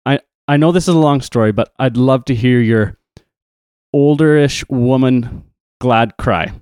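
A man retelling a Bible story, reading passages in a measured way with playful asides. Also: medium pitch, a little mellow, smooth, dry recording, studio quality.

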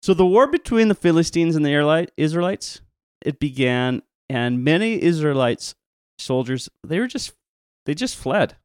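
A man's voice: fairly high pitch, animated, normal speed, darkish tone, clean tone, no room sound, clean studio sound. A man with a Canadian accent, co-hosting a casual chat that retells a Bible story, playful and teasing. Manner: playful, teasing, laughs often. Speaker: podcast co-host.

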